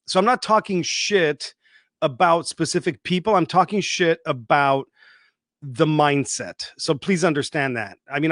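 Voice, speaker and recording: A man's voice: fairly high pitch, fairly bright tone, no echo, studio quality. Emphatic, swearing man with a raised voice. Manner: emphatic, repetitive, swears freely, mocks people in put-on voices. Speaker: online show host. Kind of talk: unscripted livestream monologue.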